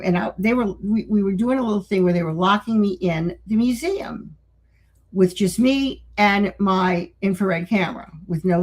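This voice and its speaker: A woman's voice: mid-range voice, darkish tone, husky, rough recording. An older woman, a guest on a talk show, telling stories in a rambling way with many restarts and acted-out quotes. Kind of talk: casual interview storytelling.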